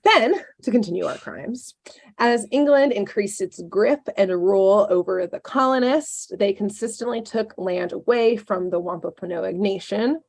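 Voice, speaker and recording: A woman co-hosting a podcast, telling a dark history story in a casual way, with sarcastic asides and lots of ums. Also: mid-range voice, unhurried, vocal fry.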